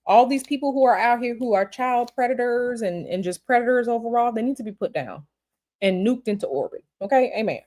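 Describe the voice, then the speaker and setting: A woman reading tarot on a livestream, answering viewer questions in a blunt, animated, repetitive way. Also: fairly high pitch, brisk. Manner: blunt, animated, repeats herself. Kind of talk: casual livestream chat.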